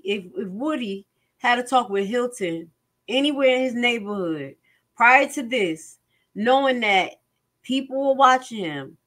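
A woman's voice: on the high side, a bit bright. A woman commentator reading out court transcripts and reacting to them with emphatic rhetorical questions. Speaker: online commentator.

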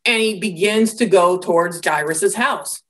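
A middle-aged woman giving a recorded Bible study lecture, telling the story in an animated way, acting out quotes and often restarting her sentences. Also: fairly low pitch, a little slow.

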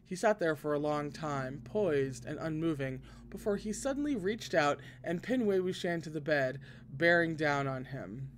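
A man reading a novel aloud expressively, now and then breaking in with excited asides. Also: on the high side, normal speed, slight background noise. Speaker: podcast reader.

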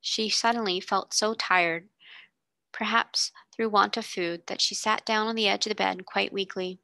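A woman tutor reading a classic novel aloud in a steady, expressive way. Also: mid-range voice, moderate pace, gravelly, no room sound.

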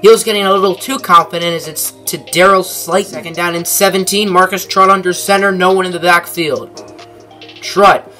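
Young male gaming host calling the action like a sportscaster; higher, bright voice with dry humor, faint music under it. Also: fairly even intonation, moderate pace. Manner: mock sportscaster delivery with dry asides. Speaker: gaming commentator. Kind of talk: play-by-play game commentary.

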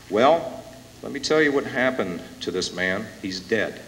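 Low-voiced guy fired up at a rally podium, echoey hall, bit of hiss. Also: animated, unhurried. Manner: emotional, building to loud announcements. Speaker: event emcee introducing the speaker. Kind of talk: impassioned rally introduction. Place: conference hall with a live audience. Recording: echoey hall from far off, hissy tape.

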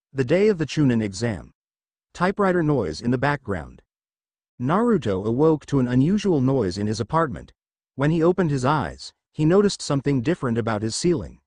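A man narrating a fan fiction story in an animated storytelling manner. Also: medium pitch, dry recording.

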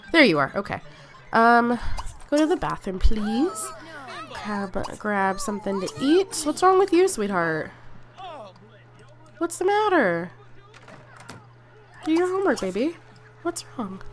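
A woman hosting a casual let's-play video, chatty and often exclaiming as she talks to her game characters. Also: fairly high pitch. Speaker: gaming video host.

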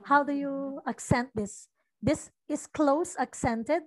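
A high-pitched woman teaching English online, speaking in an unhurried, deliberate way. She patiently repeats lines to show where the stress falls. Her voice sounds close and dry, with no room around it. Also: no room sound. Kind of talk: online tutoring lesson.

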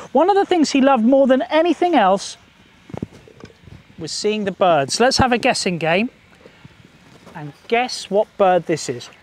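A man telling stories to a group of children in a park, in a lively sing-song way, coaxing them to join in. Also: extremely high pitch. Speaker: children's storyteller. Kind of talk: storytelling to children outdoors. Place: outdoors in a park.

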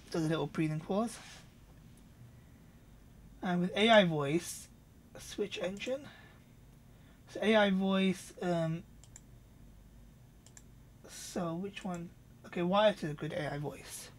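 A man reviewing software in a casual, off-the-cuff demo, thinking aloud with quick asides. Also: high-pitched. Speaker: product reviewer.

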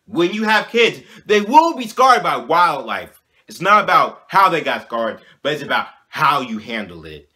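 Lively young man telling a story. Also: on the high side. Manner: animated, slangy, keeps asking "you know what I'm saying". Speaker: vlogger. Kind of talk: casual storytelling.

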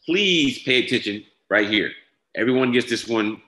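A man giving a step-by-step software tutorial, repeating each instruction and checking in with "all right?". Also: medium pitch, animated, normal speed. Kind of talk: screen-share tutorial walkthrough. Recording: echoey room.

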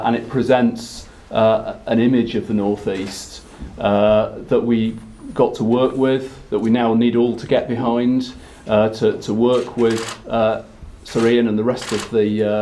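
A man's voice: mid-range voice, mellow, slight background noise. A man speaking for the local council at a press conference, hesitant and full of fillers. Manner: hesitant, many fillers, repeats words. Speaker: council representative. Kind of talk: formal press statement.

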